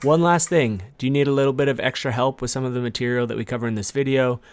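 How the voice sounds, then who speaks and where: A man's voice: medium pitch, fairly even intonation, fast talker, soft background music. A man teaching a language lesson, patiently explaining song lyrics and checking in with "right?" as he goes.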